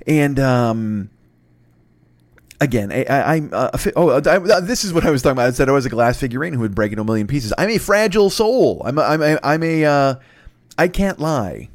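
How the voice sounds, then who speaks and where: A man's voice: medium pitch, very animated, normal speed, dry recording. A man hosting a podcast in a rambling comic monologue, profane and self-mocking, often stammering and restarting his sentences. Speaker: podcast host.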